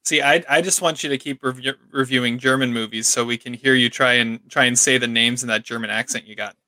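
A man's voice: medium pitch, fairly even intonation, brisk, pushed and bright, no room sound. A man co-hosting a podcast in casual chat, teasing his co-host with upbeat banter.

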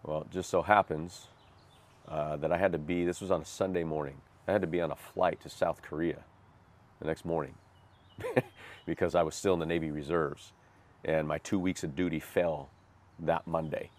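A man's voice: very deep voice, fairly even intonation, normal speed. A man recounting a hard chapter of his life as a personal testimony, earnest and self-deprecating. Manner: earnest, self-deprecating, vivid retelling with rueful laughs. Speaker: guest sharing his life story.

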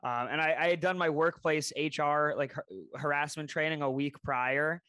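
A young man in his twenties with a bright, forceful voice, a little higher than most men. He tells stories animatedly on a casual podcast, swearing freely. The sound is dry and close. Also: normal speed, clear, resonant tone, no room sound. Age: 20s. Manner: animated storytelling, heavy swearing. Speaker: podcast co-host.

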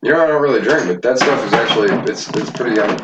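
A man's voice: mid-range voice, very fast. Profane joking man in an echoey room. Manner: loose, joking and profane, talks to listeners. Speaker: podcast host. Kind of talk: casual home podcast chat. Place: home bedroom. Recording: echoey room, dull and noisy.

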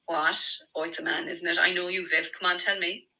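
A woman's voice: fairly low pitch, flat delivery, a little fast, gravelly, bright, forceful tone, full character voice, rough recording. A woman doing a teasing Irish young mother. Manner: teasing, coaxing.

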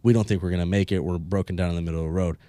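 A man's voice: sits low, fairly even intonation, rapid-fire, warm tone, dry recording. A young man co-hosting a casual podcast, telling a long story in laid-back, profane slang. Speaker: podcast co-host. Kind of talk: casual chat.

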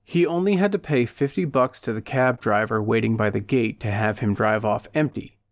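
Male narrator with a steady, dry read. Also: medium pitch, moderate pace, no echo. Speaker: audiobook narrator. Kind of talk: scripted narration.

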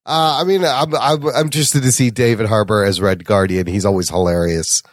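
A man hosting a casual podcast chat, leading the talk with lots of quick agreement. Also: on the low side, dry recording, clean studio sound. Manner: animated, leads the discussion, frequent "yeah". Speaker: podcast host.

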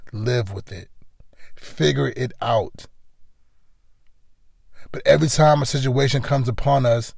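Gravelly man giving earnest life advice. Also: mid-range voice, no room sound, clean studio sound. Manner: earnest, repetitive, conversational. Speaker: podcast host. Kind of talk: motivational monologue.

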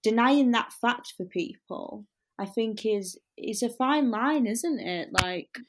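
A woman's voice: a little high, slow, background noise. A woman in her early twenties co-hosting a casual podcast, talking in a reflective way and filling her speech with "like". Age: 20s. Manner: reflective, many fillers like "like". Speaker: podcast co-host. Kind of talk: casual chat.

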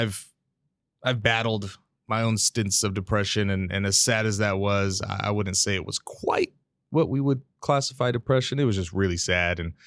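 Candid rambling man, low voice. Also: fairly bright tone, no room sound, clean studio sound. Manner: rambling, candid, swears freely, stammers on restarts. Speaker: podcast host. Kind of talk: casual solo podcast talk. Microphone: studio mic with pop filter.

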